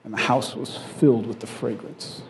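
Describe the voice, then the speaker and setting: A man's voice: medium pitch, moderate pace, a little hiss or hum. A man preaching a sermon in a conversational, storytelling way, often checking in with the congregation and chuckling along the way. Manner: conversational storytelling, frequent "right?" asides; animated, chuckling at his own lines. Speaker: pastor.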